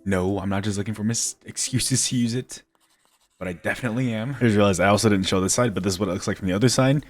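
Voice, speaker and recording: A man's voice: lowish voice, fast. A man giving casual, playful commentary as a gaming YouTuber, poking fun at himself and laughing often. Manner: playful and self-mocking, with frequent laughter.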